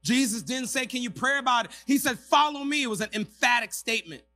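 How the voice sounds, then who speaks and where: A male pastor preaching a sermon to a congregation in a church hall, moving from quiet asides to loud, emphatic passages. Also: extremely high pitch, expressive, fast.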